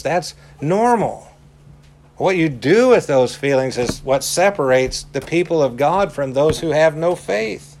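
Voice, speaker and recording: A male preacher delivers a sermon at an unhurried, measured pace. His voice sits in an ordinary middle register, and he drives home each point by repeating key phrases with emphasis. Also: medium pitch, a little mellow, slight background noise. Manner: slow, deliberate, emphatic repetition.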